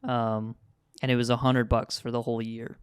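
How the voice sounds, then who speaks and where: A man's voice: mid-range voice, level tone, moderate pace, smooth, no echo. A young man co-hosting a podcast in laid-back casual chat, with dry humor and frequent laughter. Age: young adult. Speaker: podcast co-host.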